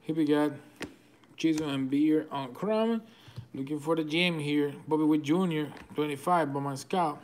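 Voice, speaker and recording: A man's voice: fairly high pitch, a little hiss or hum. A man with a Venezuelan Spanish accent, hosting a card break and rattling off names as he opens packs. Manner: rapid-fire listing of cards, excitable, chuckling. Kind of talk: live card-opening commentary.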